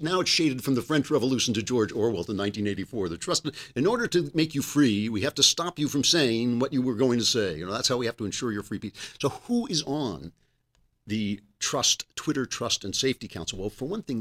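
A middle-aged man hosting a political commentary show, talking in a sarcastic, animated monologue. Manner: sarcastic, animated, talks with his hands in pitch swings. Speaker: podcast host.

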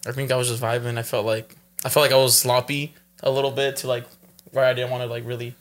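A man co-hosting a podcast in casual banter, laughing often and trailing off into quiet mumbles. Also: mid-range voice, flat delivery, fast. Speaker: podcast co-host. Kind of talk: casual chat.

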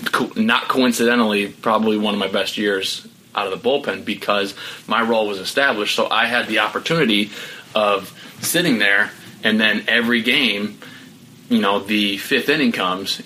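A man's voice: on the low side, pushed and bright, slight background noise, rough recording. A middle-aged man, a podcast guest, telling his story candidly and reflectively, with many "you know" fillers. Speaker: podcast guest, former pro pitcher.

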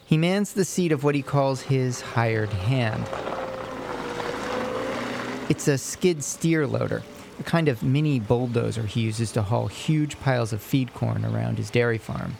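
A man narrating a radio news feature in a measured, scripted reporting style. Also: mid-range voice, creaky, background noise.

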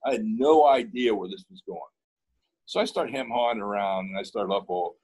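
A man's voice: fairly low pitch, moderate pace, darkish tone, breathy edge, rough recording. A man from Pittsburgh, a guest in an interview, telling a story in a casual way and acting out both sides of the dialogue.

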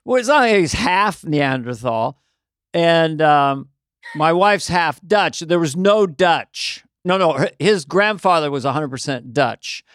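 A man's voice: fairly high pitch, expressive, unhurried, fairly bright tone, no room sound, studio quality. A middle-aged man hosting a podcast, chatting casually in a rambling, self-deprecating, jokey way. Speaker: podcast host. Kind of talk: casual chat.

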